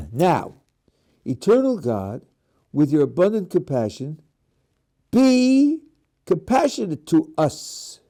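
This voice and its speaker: A middle-aged rabbi, his voice slightly high, warm, and sing-song, teaches about prayer slowly and with long pauses. He leads his students through it step by step, questioning them and often beginning words again.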